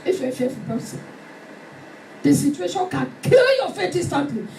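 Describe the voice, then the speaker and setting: A woman preacher delivering a fervent sermon, shouting and acting out stories. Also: sits high, very animated, normal speed, slight background noise. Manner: fervent, shouting, dramatic retelling. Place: church hall. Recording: echoey hall from far off with music.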